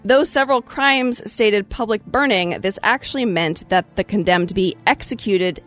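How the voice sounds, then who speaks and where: Woman host, podcast storyteller, reads history with lively asides, faint music under. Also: mid-range voice, normal speed. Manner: reads trial history, animated asides and laughs. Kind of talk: casual group podcast chat, narrating history.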